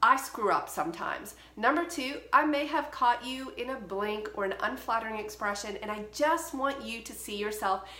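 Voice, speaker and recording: A photography educator and podcast host gives advice alone to camera in a firm, direct, emphatic manner. Her voice is on the high side and sharp in tone, moving at a moderate pace with hardly any pauses in an echoey room.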